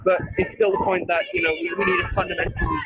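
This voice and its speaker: A man's voice: high voice, level tone, quick pace, highs cut off, heavy background noise. A man answering an off-the-cuff street interview at an outdoor march, hesitant and full of fillers. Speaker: interviewed activist.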